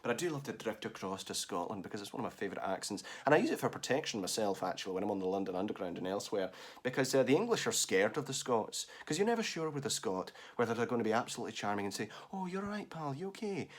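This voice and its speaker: A man's voice: lowish voice, very animated. A man, a voice artist, doing a comic monologue that hops between accents. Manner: quick, jokey, slipping between accents. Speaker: voice artist, host.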